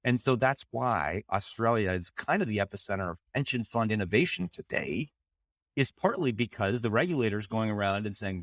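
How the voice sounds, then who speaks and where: A man's voice: on the low side, expressive, fairly quick, fairly bright tone, no echo, studio quality. A man co-hosting a podcast in a loose, joking way, swearing freely and trailing off with fillers. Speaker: podcast co-host. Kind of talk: casual chat.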